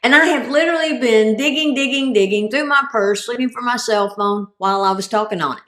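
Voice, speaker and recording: A woman's voice: fairly high pitch, a little fast, hardly any pauses, fairly bright tone. Woman telling funny stories in an echoey room. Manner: comic, self-deprecating delivery. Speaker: guest speaker and cancer survivor. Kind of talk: humorous storytelling talk.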